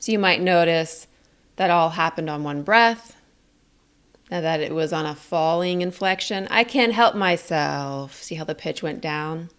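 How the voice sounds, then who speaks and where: A woman teaching a communication lesson in a calm, clear, explaining way. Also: deep voice. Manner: calm, explains slowly and clearly, demonstrates statements. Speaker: communication coach.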